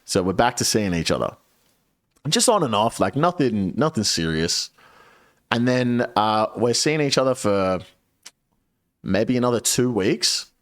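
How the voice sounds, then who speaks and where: Animated, swearing male streamer telling a story. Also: measured pace, long pauses. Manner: animated, profane, swings pitch when quoting people. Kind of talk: casual storytelling to a live chat.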